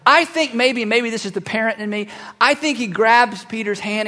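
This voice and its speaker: A man preaches with a high-pitched voice, acting out the Bible dialogue in an animated way and dropping from loud bursts to hushed asides. His voice carries a long reverb through a large church auditorium. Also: normal speed. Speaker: pastor. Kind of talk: sermon.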